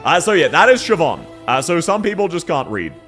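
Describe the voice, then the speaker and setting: A man's voice: a little high, sing-song, brisk, fairly bright tone. A man chatting casually on a live stream, laughing often and answering his chat. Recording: faint music behind.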